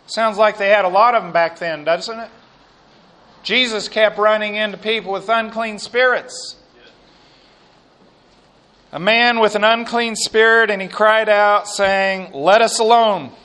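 A man preaching a sermon and reading scripture aloud, slow and emphatic, with quiet asides. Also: high-pitched, steady tone, clear, resonant tone.

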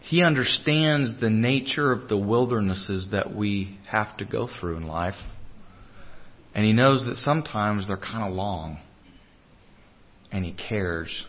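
A man preaching a sermon, earnest, moving between loud urging and hushed tender lines. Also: on the low side, measured pace, highs cut off.

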